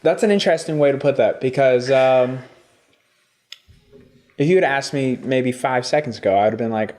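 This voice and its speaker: A man's voice: mid-range voice, normal speed, a little mellow. A man hosting a podcast, asking questions in a thoughtful way and searching for his words. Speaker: podcast host. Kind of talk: casual conversation.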